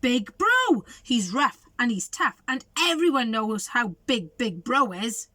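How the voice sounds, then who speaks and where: A woman voicing an excitable male chimpanzee in a storybook read-aloud, whooping and high. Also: takes it slowly, no room sound, heavily acted. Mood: bossy.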